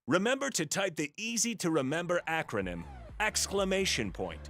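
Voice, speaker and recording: A man delivering slow, theatrical announcer lines and catchphrases on a game show. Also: high-pitched, sing-song, a bit bright.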